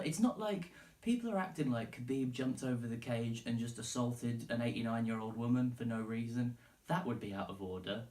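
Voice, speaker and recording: A man's voice: medium pitch, a little mellow, echoey room, recorded from a distance, low-quality recording. A man hosting a solo podcast, talking casually and emphatically, swearing and calling the listener "dude". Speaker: podcast host.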